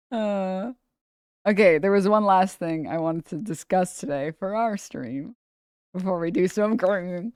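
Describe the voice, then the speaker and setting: A young woman streamer talks straight to her viewers in loose, slangy, foul-mouthed banter. Her pitch sits in an ordinary middle range, and the sound is close and dry with no room echo. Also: a little mellow. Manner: irreverent, profane banter with slang. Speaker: streamer host. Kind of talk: casual live-stream chat.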